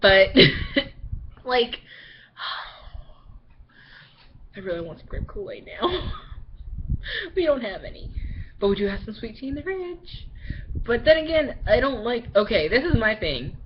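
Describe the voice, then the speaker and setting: A woman's voice: a little high, very animated, slow pace, long pauses, slight background noise. Chatty young woman on a dull webcam mic. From Baltimore, Maryland. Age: young adult. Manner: chatty, rambling, many "like"s and laughs. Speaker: vlogger. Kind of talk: casual webcam chat. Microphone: built-in webcam mic.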